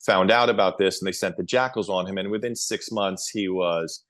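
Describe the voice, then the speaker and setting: Low-voiced man telling rambling stories. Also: normal speed, no room sound, studio quality. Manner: rambling, animated storyteller. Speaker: guest. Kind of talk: casual interview storytelling.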